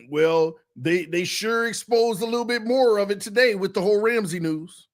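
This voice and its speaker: A man's voice: high voice, normal speed. A man hosting a sports fan livestream, talking in an emotional, confessional way and repeating points for emphasis. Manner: casual, repeats himself for emphasis. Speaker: sports fan show host.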